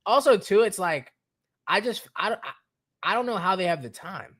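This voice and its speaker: Male podcast guest, slightly high, animated and laughing, casual and profane. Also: a little fast.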